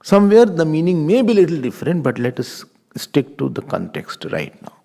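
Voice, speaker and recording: A man's voice: a little high, sing-song, fairly quick, gravelly, dark tone. A man with an Indian accent teaching a scripture class in a playful, teasing way. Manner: playful, teasing, mixes in Hindi and Sanskrit terms. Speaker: Vedanta teacher.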